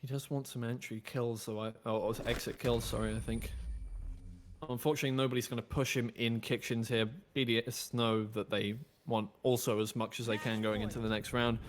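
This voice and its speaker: A man casting an esports match as play-by-play commentator, climbing in pitch and volume as the action builds. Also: fairly quick, slight background noise. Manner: excitable, pitch rising sharply in big plays. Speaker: esports caster.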